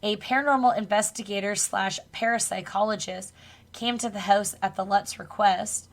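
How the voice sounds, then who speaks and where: A woman's voice: medium pitch, steady tone, normal speed. A woman co-hosting a podcast, casually retelling a spooky true story with loose swearing and laughs. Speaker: podcast co-host.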